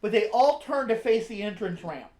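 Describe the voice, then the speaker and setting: A chatty, opinionated streamer walks through a wrestling show. The pitch is middling. The voice rings in a roomy space. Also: lively intonation, normal speed, a little mellow. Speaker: stream co-host. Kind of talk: casual chat recapping wrestling. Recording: roomy echo.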